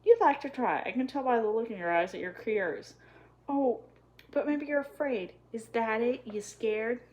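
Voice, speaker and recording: A woman's voice: a little high, normal speed, darkish tone, pitched above the performer's own voice, lightly acted, rough recording. A woman voicing a smug young male hobo who brags and drawls in a wheedling, mocking way, in a storybook reading.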